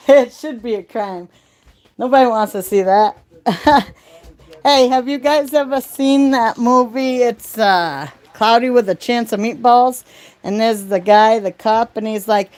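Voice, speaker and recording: A middle-aged woman with a fairly high-pitched voice speaks at a measured pace while hosting a casual livestream. She holds her phone at home by a bedroom window, chatting and laughing at her own stories.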